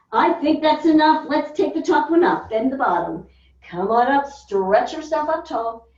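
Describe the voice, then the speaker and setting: Her voice a little high and a little mellow, a woman calls out counts and upbeat encouragement as she leads a floor workout. The carpeted room is echoey, and the mic sounds distant and dull.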